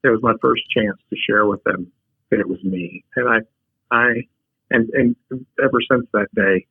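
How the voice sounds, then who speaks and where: A man, a podcast guest, telling personal stories in a humorous, unhurried, casual way. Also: medium pitch, lively intonation, creaky, breathy edge, dry recording. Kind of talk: casual storytelling. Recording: dry, tinny phone-like line.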